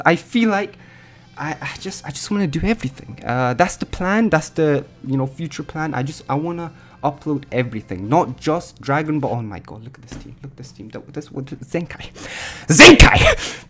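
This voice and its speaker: A young gaming YouTuber with a fairly high-pitched voice provides rambling, excitable commentary over his own gameplay. He swings between muttering and yelling.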